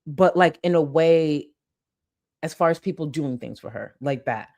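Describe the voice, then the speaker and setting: A woman's voice: sits low, animated, unhurried, dark tone, dull audio. Sarcastic, foul-mouthed reaction commentator woman. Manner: blunt, sarcastic, swears freely. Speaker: commentary YouTuber reacting to a livestream.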